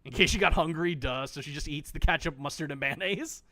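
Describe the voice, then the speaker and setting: A man's voice: fairly high pitch, a little fast, sharp tone. A man streaming a game, chatting casually, joking, swearing freely and talking straight to the characters on screen. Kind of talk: casual gameplay commentary.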